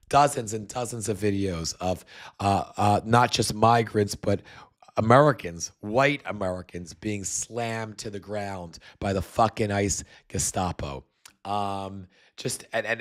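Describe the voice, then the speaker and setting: Lowish male voice, profane political rant, halting with fillers, getting over a cold. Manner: profane and scornful, many fillers and restarts. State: recovering from a cold. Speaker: podcast host.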